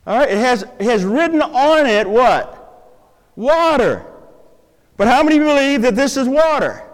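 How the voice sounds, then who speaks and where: Pastor, male, high and animated voice, unhurried; teaching sermon that quizzes the congregation, church hall with long reverb. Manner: quizzes the congregation with playful questions. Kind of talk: interactive sermon with object lessons. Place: church sanctuary with a live congregation.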